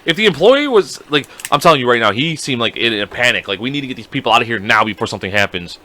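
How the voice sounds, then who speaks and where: A man's voice: mid-range voice, lively intonation, fast talker, bright, forceful tone. A young man co-hosting a podcast in casual chat. He swears freely and acts out other people's voices as he tells his story. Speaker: podcast co-host.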